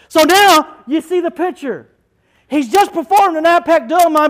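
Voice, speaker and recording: High-voiced preacher man shouting. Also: measured pace, poor audio. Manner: animated, preachy, shouting scripture. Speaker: pastor. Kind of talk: sermon.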